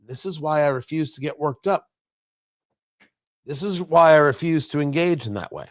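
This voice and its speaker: A man's voice: on the high side, moderate pace. A middle-aged man hosting a political talk show, speaking emphatically and sarcastically, repeating lines for punch. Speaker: radio talk show host.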